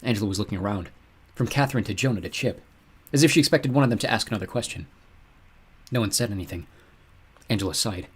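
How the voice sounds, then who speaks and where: A man's voice: on the low side, quick pace, slightly rough. A man narrating an audiobook, telling the story expressively and voicing its characters. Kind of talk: scripted narration.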